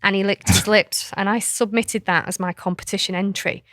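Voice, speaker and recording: A woman tells a story on a podcast, with animated delivery. She acts out the voices and laughs often. The mic is close and dry. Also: mid-range voice, normal speed, dry recording. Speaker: podcast co-host. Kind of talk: casual storytelling chat.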